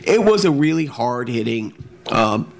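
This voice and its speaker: A man's voice: medium pitch, very animated, a little slow, vocal fry. A man co-hosting a casual podcast chat, rambling and repeating words, laughing often, in an echoey room at home. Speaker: podcast co-host.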